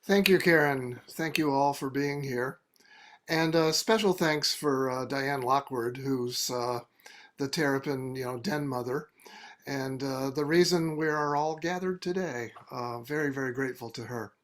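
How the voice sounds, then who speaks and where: An older man, a retired poet, thanking the host and setting up his reading over a video call, talking haltingly with many fillers. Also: mid-range voice, fairly bright tone. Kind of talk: poetry reading.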